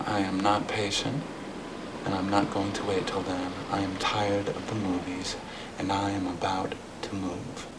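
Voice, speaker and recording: An actor playing a restless young man longing to leave home, talking in a tense, halting, bitter way. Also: low-pitched, little pitch movement, very noisy. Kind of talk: film drama acting.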